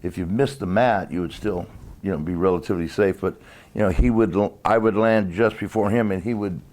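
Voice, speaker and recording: Low-voiced man telling wrestling stories. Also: fairly even intonation, a little mellow. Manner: rambling, halting, many restarts. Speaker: interview guest, former wrestler. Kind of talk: casual storytelling interview.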